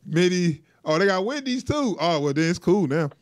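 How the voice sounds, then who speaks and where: A man co-hosting a casual reaction chat, laughing often and acting out quotes in an animated way. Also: sits high, moderate pace, dry recording, clean studio sound. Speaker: co-host.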